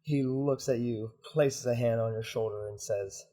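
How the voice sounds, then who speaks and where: A man narrating as game master of a tabletop roleplaying game, in a measured way. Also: mid-range voice, fairly even intonation, warm tone.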